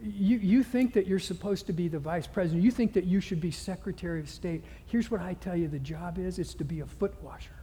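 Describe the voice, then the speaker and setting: A man with a high, warm voice preaches a sermon, retelling scripture stories with earnest conviction. His words ring out with a long hall reverb behind them. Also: a little fast, few pauses, a little hiss or hum.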